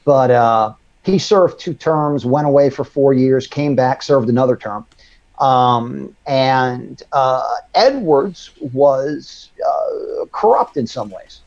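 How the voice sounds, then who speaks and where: A man's voice: medium pitch, vocal fry, darkish tone. A man from Louisiana hosting a casual political chat, rambling and wry as he tells stories. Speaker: host. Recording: dull lo-fi stream audio.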